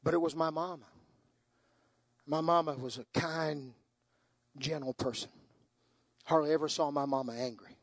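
An older man preaching a sermon, moving from hushed, tender storytelling to soaring, impassioned climaxes. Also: a little high, fairly even intonation, moderate pace, long pauses, dry recording.

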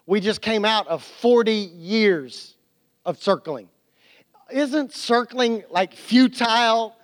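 A man preaching a sermon as a pastor, animated, with restarts and quotes he acts out. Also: sits high, slow pace.

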